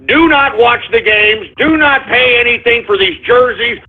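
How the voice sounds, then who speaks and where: A very high male voice at normal speed rants and curses as a blustering Texan talk radio host, tripping over his words with drunk-sounding bravado. It's a parody talk radio rant, heard through a tinny sound like a phone on the radio.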